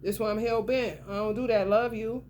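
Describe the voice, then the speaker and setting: A woman's voice: mid-range voice, steady tone, brisk, darkish tone, a little hiss or hum. A woman giving a casual tarot reading to the camera, blunt and profane, talking straight at the viewer with lots of emphasis. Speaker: tarot reader.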